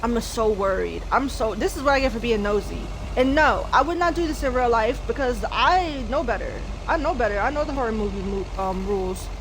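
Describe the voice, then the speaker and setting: Speaking fairly quickly with few pauses, the young woman has a slightly high, expressive voice. As a gaming streamer doing let's-play commentary, she chats nervously and addresses her character while the game's sound and vehicle engine noise play in the background.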